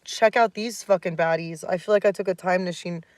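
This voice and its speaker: Fairly low and steady in tone, her brisk voice carries a casual livestream rant. She's a woman in her thirties at home at night, blunt and heated, swearing plenty and cooing baby talk to her dog.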